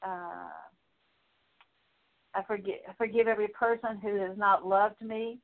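A woman Bible teacher leading a prayer of confession in earnest, repetitive petitions with halting pauses. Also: medium pitch, steady tone. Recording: tinny phone-like recording.

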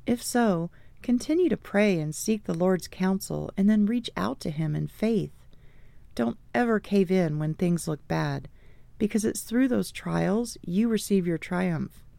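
A woman's voice: mid-range voice, animated, measured pace, creaky, mellow, no room sound. A woman reading her own memoir audiobook, telling an earnest, faith-filled story.

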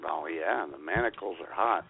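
A man's voice: low voice, normal speed, creaky, a loud crowd. A male host joking wryly in casual radio banter. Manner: joking, wry. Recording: tinny lo-fi audio.

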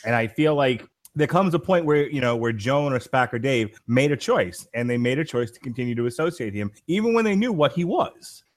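A man's voice: mid-range voice, expressive, brisk, hardly any pauses. A man co-hosting a comic book podcast, arguing his points firmly in casual chat. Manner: argumentative, makes firm points. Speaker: podcast co-host.

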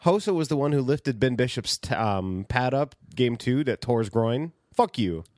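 A man's voice: medium pitch, animated, normal speed, darkish tone, dry recording, clean studio sound. A young man co-hosting a casual sports podcast, talking in an easygoing, hesitant way. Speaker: podcast co-host.

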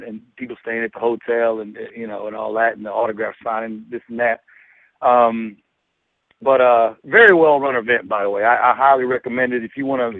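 A man's voice: medium pitch, dry recording. A middle-aged man from Florida with a Southern twang, chatting as a guest in a loose, rambling way full of fillers. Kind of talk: casual chat. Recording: dry, phone-like call-in line.

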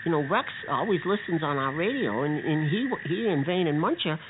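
A man plays an earnest little bean hero in a storybook adventure, bossy and fussy, forever telling his partner to settle down. His voice swings up and down a lot. It comes through a tinny, phone-like line with clear hiss behind it. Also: on the high side, a little fast, pitched above the performer's own voice, lightly acted. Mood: worried. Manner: exasperated, keeps telling his partner to calm down.

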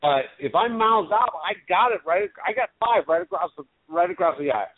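A man's voice: high-pitched, lively intonation, brisk, no room sound. Male radio guest, plain-spoken and blunt, phone-line quality. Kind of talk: casual radio chat. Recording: tinny phone-line sound, dry.

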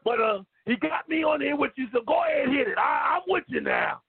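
A man putting on a gravelly hot-tempered old blowhard. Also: extremely high pitch, expressive, fairly quick, dry recording, full character voice. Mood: blustering. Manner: shouting, rambling and stammering. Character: brash loud gravelly older man, cursing and hot-tempered. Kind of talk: comedic call-in character bit. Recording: tinny phone-like line.

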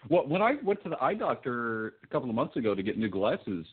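A husky-voiced man cracks crude jokes in a dry, deadpan way, his pitch rising and falling widely. The audio is narrow and tinny, like a phone call. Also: fast talker. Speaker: podcast co-host. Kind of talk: crude casual banter.

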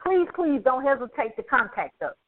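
A woman's voice: high-pitched, very animated, normal speed. A woman hosting a radio talk show, effusive and encouraging, laughing often. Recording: phone line.

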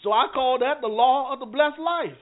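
A minister speaks at an extremely high pitch and moderate pace while teaching a Bible class over phone-like, narrow audio. His conversational style involves regularly checking in with listeners and repeating words.

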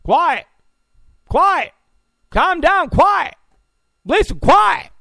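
A man putting on a stern, bossy middle-aged man who barks the same commands over and over, his voice pushed high and loud. The delivery is gravelly and swings wildly in pitch. It sounds dry and close, with no room around it. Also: big pitch swings, a little slow, no echo, heavily acted. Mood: yelling. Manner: shouting, bossy, repetitive commands.

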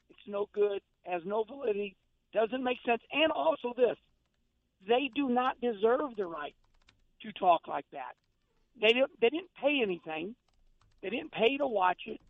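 Gravelly, high-pitched man on a phone line. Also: animated, unhurried, no room sound. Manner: emphatic, repeats words and restarts, folksy. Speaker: guest, former race car driver. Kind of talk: casual radio chat.

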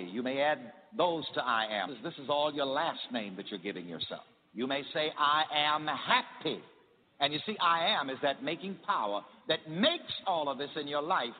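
A man's voice: a little high, slight background noise. A man preaching a sermon, leading his congregation in call-and-response and repeating phrases for them to echo back. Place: church hall with a congregation. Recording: tinny archival sermon recording in a reverberant hall.

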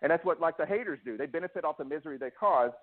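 A man's slightly high voice comes through phone-quality audio as he tells his personal story in an interview, talking very fast with lively intonation. He's emotional and restless, restarting repeatedly and performing the quotes he recounts.

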